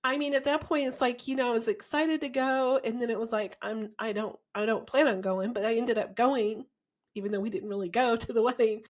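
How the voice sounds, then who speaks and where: A woman's voice: fairly high pitch, steady tone, brisk. A woman co-hosting a podcast, talking emphatically and indignantly in casual chat. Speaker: podcast co-host.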